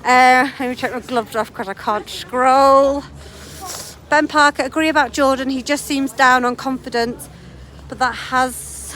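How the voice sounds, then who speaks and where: A high-voiced woman, a little out of breath as she walks, reads listener comments in an easygoing way and laughs easily. Faint outdoor traffic noise sits behind her. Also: fairly even intonation, unhurried, a bit bright. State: out of breath from walking. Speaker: podcast co-host reading chat messages. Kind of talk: casual chat, reading listener comments. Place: outdoors while walking.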